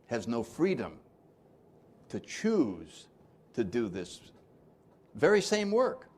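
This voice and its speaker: A man's voice: medium pitch, huge pitch swings, takes it slowly, darkish tone. An older man giving an informal recovery workshop talk, joking and asking the audience questions.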